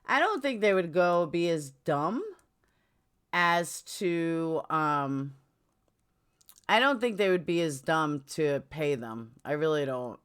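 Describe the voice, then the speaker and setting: She has a deep, clear, resonant voice with lively intonation, though she speaks slowly. A middle-aged woman with a New York accent, she hosts a casual livestream chat at home, blunt and chatty as she leaps between topics.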